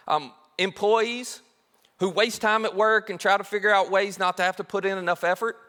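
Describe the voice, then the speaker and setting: A man with a fairly high, bright voice preaches in a conversational way. His pitch rises and falls a lot as he acts out quoted lines. The sound carries a long reverb from a church auditorium. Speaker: pastor. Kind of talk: sermon.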